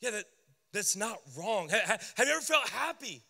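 Bright-voiced, animated young pastor. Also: male voice, sits high, fairly quick, creaky, in a large hall. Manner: animated, joking with the crowd. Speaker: youth pastor. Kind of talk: sermon.

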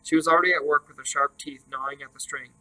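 A man reading a children's novel aloud in a steady, even way, with small slips now and then. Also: a little high, fast talker, a little hiss or hum, poor audio. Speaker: storybook reader.

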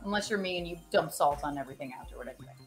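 A woman's voice: on the low side, animated, racing, faint music behind. Joking woman hosting a cooking stream. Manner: joking, rambling, repeats silly catchphrases. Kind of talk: casual live-stream chat while cooking.

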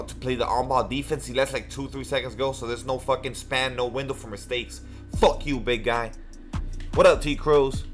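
A man's voice: medium pitch, a bit bright. A young man streaming a basketball video game, cursing and trash-talking his opponent while thanking viewers for donations. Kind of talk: live game stream commentary.

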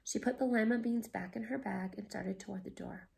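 A woman art teacher reading a picture book aloud with expressive, animated storytelling, then explaining a class project. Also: medium pitch, fairly quick, gravelly.

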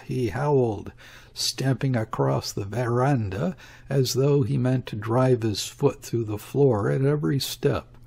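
Male audiobook reader, husky, slow and measured. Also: on the low side. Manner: slow, measured, even reading. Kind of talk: scripted literary narration.

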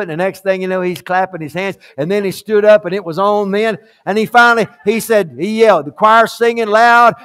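High-pitched preacher guy, swings from hushed story to shouting praise, live in church. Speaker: pastor. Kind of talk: fiery sermon. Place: church sanctuary, live service.

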